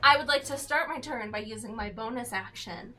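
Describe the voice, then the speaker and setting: A woman's voice: fairly high pitch, brisk, far from the mic, over loud music. A woman playing a tabletop game, playfully testing the rules. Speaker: player.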